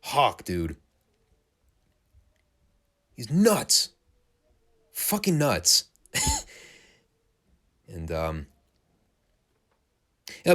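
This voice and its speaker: A man with a lowish voice talks through a wrestling review in a loose, conversational way. His delivery swings widely in pitch, and he laughs and drops casual curses as he goes. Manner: animated, laughing, casual swearing. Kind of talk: casual recap commentary.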